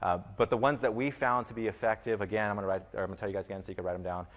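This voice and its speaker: A man's voice: on the low side, steady tone, rapid-fire, fairly bright tone, big-room sound. A man giving an informal lesson on online selling, rambling and restarting his sentences, with many fillers and repeated words. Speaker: e-commerce teacher. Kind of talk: informal teaching talk.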